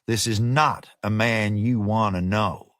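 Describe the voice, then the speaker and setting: A man voicing a smooth, menacing male American fixer who talks with easygoing slang. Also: lowish voice, fairly even intonation, slow pace, fairly bright tone, no room sound, studio quality. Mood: drawling menace.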